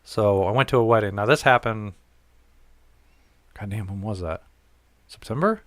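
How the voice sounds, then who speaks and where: A podcast host with a voice on the low side, speaking at normal speed, tells a story in casual chat with no room sound. He swears freely and animatedly acts out what people said.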